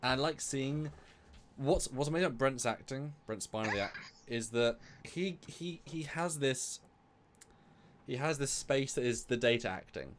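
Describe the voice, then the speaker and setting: A man's voice: mid-range voice, moderate pace, slight background noise. Chatty man co-hosting a live review. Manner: enthusiastic, rambling with many restarts. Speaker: co-host of a live review show. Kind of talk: casual live-stream discussion.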